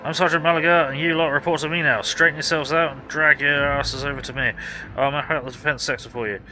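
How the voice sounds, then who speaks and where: A man's voice: fairly high pitch, steady tone, fast, pushed and bright, soft background music, voice pushed up, low-quality recording. A man voicing a brash, loyal male soldier sergeant who barks his orders and reports. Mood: commanding. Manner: barking, militaristic.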